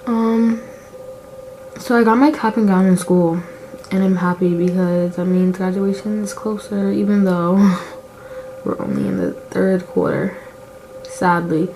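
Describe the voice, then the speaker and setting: A teenage girl talks through a makeup vlog in a soft, mellow voice at a middling pitch. She rambles candidly about her feelings, and her sentences are strung together with constant "like" fillers. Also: steady tone, measured pace, creaky, long pauses, slight background noise, low-quality recording. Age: late teens. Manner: rambling and confessional, full of "like" fillers. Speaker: beauty vlogger. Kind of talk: casual chat while doing makeup.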